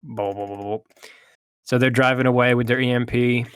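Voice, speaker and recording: A man's voice: mid-range voice, steady tone, fairly quick, clear, resonant tone, dry recording, studio quality. A man co-hosting a casual movie review chat, retelling the plot with hesitations and restarts.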